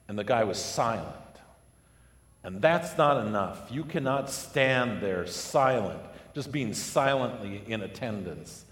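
A man preaching a sermon, telling a parable with lively storytelling and acted-out voices. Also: mid-range voice. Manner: animated storytelling, acting out voices. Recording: echoey hall with long reverb.

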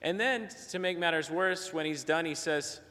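A middle-aged pastor with a fairly high, sharp voice delivers a conversational sermon at a moderate pace. He tells a story and acts out the voices of its characters, and the recording carries a long hall reverb.

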